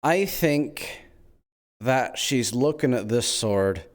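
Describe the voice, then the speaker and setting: A man's voice: mid-range voice, lively intonation, slow. A man chatting in character during a roleplay, playful and teasing, his voice jumping up when he acts offended. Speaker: roleplay player.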